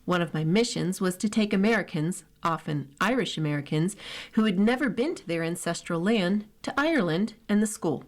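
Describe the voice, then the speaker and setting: A woman reads newspaper opinion columns aloud for a radio reading service. Her voice sits a little low and she keeps a steady, measured pace from one sentence to the next.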